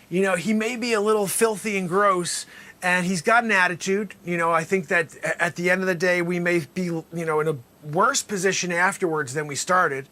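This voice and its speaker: A man hosting an improvised comedy sketch as a courtroom lawyer, theatrical and bursting into loud exclamations. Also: high-pitched, fairly even intonation, a little fast. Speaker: host playing a courtroom lawyer.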